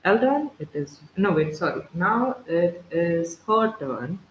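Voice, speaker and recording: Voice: mid-range voice, expressive, takes it slowly. Roomy-sounding game master narrating vividly. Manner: vivid descriptive narration with many restarts and fillers. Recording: roomy, dull sound, faint music.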